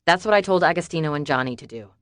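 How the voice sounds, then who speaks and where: A woman's voice: sits low, expressive, fast talker, fairly bright tone, no room sound. A woman reading a curt male hitman. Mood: impatient. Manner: curt, impatient. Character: impatient male hired assassin.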